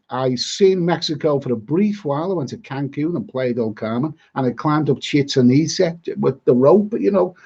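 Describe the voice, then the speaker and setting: A man with a Liverpool accent chats casually on a live stream, rambling and blunt, with a fair bit of grumbling. His voice sits fairly high and a little husky. The sound is dull and lo-fi. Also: darkish tone. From Liverpool, England. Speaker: travel vlogger.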